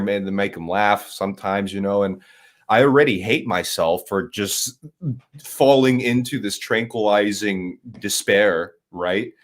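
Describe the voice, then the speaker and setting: A young man from Southern California, a co-host talking in an intense, rambling, profane way. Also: fairly low pitch. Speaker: podcast co-host. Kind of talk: casual chat.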